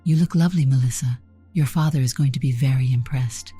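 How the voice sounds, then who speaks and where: A doting, manipulative mother from a read-aloud story , voiced by a woman talks in a sweet, sing-song coax. The voice sits a little higher than the reader's very deep, dark, husky tone. Soft music plays underneath. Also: a little fast.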